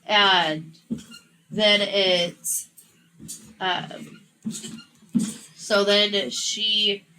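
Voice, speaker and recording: A woman co-hosting a podcast, chatting casually and retelling a book's plot with lively quotes. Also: mid-range voice, drawn-out words, slight background noise, rough recording. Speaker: podcast co-host. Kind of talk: casual book chat.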